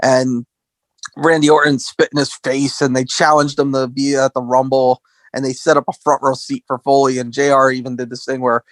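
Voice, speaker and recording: A man co-hosting a podcast, recapping wrestling history in animated casual chat and acting out quotes in a raised voice. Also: medium pitch, normal speed, no echo. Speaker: podcast co-host.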